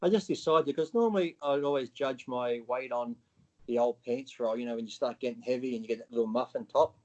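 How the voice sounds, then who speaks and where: A blunt man chats as an interview guest, swearing freely and putting on other people's lines. His voice sits at an everyday middle pitch. The recording sounds dull and lo-fi. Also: a little fast, darkish tone. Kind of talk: casual interview chat.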